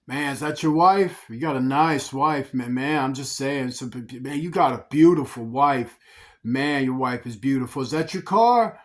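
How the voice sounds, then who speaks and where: A man voicing a sly, flattering man who covets his neighbor's things and keeps calling him "man.". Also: fairly high pitch, natural voice. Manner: fawning, repeats "man" constantly.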